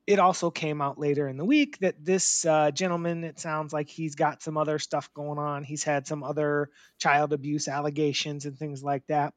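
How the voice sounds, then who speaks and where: A woman's voice: low voice, no echo. A woman co-hosting a casual podcast, recounting a story in a chatty way with lots of "like" fillers. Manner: chatty, many "like" fillers, lively rising questions. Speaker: podcast co-host. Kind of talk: casual chat.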